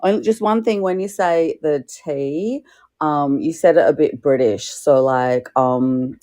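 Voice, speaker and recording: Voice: mid-range voice, unhurried, dark tone, no room sound, clean studio sound. A guest comedian with an Australian accent, teasing and playful in a casual chat. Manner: teasing, playful, explains slang.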